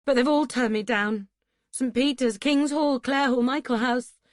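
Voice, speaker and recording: A woman's voice: high voice, unhurried, dry recording, clean studio sound, voice pushed up. A woman voicing a proud, sulky young lad who sounds defiant and pleading.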